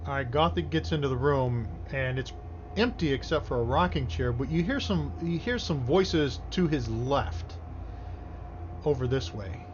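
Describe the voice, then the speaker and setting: A man's voice: mid-range voice, lively intonation, moderate pace. A man narrating casually as game master of a tabletop game. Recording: slightly dull, faint noise.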